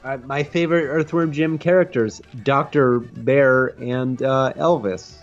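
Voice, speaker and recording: A man's voice: mid-range voice, steady tone, measured pace, lo-fi sound, faint music behind. A man co-hosting a retro game show, bantering casually and wryly with jokes while his partner plays. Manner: wry, joking interjections.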